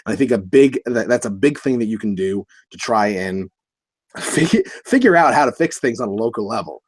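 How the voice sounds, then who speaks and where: A man hosting a casual livestream chat, halting and restarting often and laughing a lot. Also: fairly low pitch, big pitch swings, slightly rough, no room sound. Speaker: livestream host.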